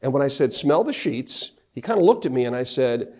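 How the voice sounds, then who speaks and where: A man's voice: mid-range voice, a little fast. A middle-aged man from North Carolina, a motivational speaker telling a story on stage and acting out the dialogue. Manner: animated, acts out the dialogue of his anecdotes. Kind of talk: storytelling keynote talk.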